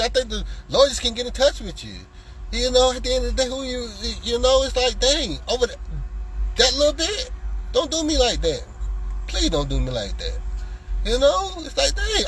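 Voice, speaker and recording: A man delivering a heated solo rant to his audience, taunting critics and swinging between loud jabs and muttered asides. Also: very high voice, fairly quick, poor audio. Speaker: lottery content creator.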